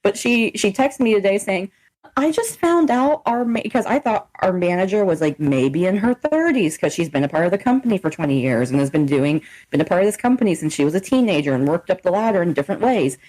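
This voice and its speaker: A young woman chats bluntly on a podcast and swears without a second thought. Her pitch swings widely as she acts out the people in her stories. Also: very animated, fast talker, few pauses, a little mellow. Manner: blunt, swears freely, acts out quoted exchanges. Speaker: podcast co-host. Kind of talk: casual chat.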